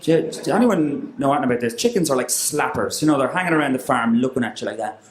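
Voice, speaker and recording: A man's voice: medium pitch, animated, fast, reverberant, a little hiss or hum. An Irish man doing a stand-up set with a guitar, talking in a loose, rambling way full of fillers. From Ireland. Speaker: stand-up comedian.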